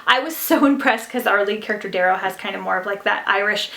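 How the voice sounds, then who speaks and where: A woman's voice: mid-range voice, fast, vocal fry, bright, forceful tone. A young woman chatting casually about books she listened to, gushing and full of fillers. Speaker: book vlogger. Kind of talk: casual book review chat. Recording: roomy echo.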